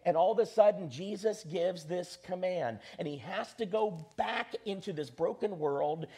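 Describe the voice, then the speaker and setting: A pastor preaching an animated sermon and leading his congregation in call-and-response. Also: high-pitched, moderate pace, slightly rough.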